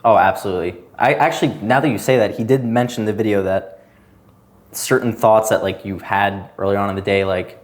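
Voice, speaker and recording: With a lowish voice and a brisk pace, a young adult guest on a podcast chats casually, drifting loosely from point to point and saying "like" a lot.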